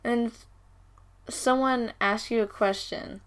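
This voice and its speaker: A woman's voice: fairly high pitch, fairly even intonation, slow pace, clean tone. A teenage girl from Georgia in the US, co-hosting a casual podcast chat in a chatty, giggly way. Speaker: co-host guest.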